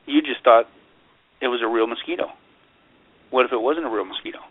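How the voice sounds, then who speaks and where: A man, a pastor being interviewed, talking in a lively, sarcastic way and slipping into mocking voices to make his point. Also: mid-range voice, a little fast, breathy edge, no echo. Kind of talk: animated interview talk. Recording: tinny phone-line audio.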